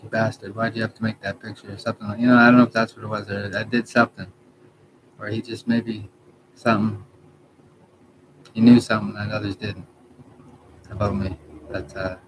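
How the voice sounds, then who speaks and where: Man, 30s, deep and monotone, halting rambling monologue, noisy background. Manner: halting, trails off, many restarts and self-corrections. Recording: background noise.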